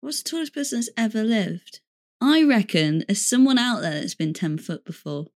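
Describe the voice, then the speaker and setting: A woman's voice: on the high side, expressive, moderate pace. Easygoing woman co-host, casual chat, laughs along a lot. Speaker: podcast co-host.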